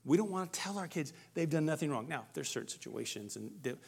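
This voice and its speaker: A man's voice: a little high, animated, fast, gravelly, a little mellow, breathy edge. A middle-aged man giving a plain-spoken, emphatic talk to parents, often repeating words as he goes. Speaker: speaker on parenting. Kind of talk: preaching-style talk to parents.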